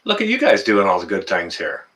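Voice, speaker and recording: A man's voice: deep voice, huge pitch swings, fairly quick, sharp tone. A Canadian man hosting a casual livestream, greeting viewers in the chat by name and chatting with plenty of fillers. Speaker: livestream host.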